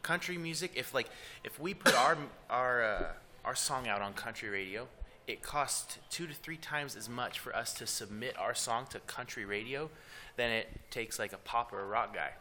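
A man's voice: mid-range voice, sharp tone, slight background noise. A man in a band, guest on a podcast, chatting casually and easily, with frequent restarts. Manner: easygoing, talks in quick bursts with restarts. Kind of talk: casual interview chat.

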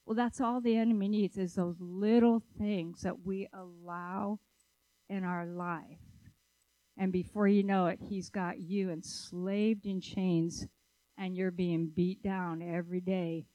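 A woman preaching a sermon, telling stories in a lively, conversational way and asking the audience questions. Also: on the low side, slow, no room sound, poor audio. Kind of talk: sermon with storytelling.

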